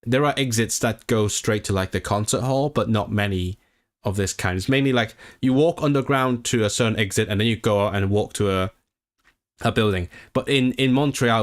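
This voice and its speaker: A man's voice: lowish voice, no echo. Chatty young man streaming, dry sound. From Hong Kong. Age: late 20s. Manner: chatty, excitable, many restarts. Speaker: livestream host. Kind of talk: casual chat with stream viewers.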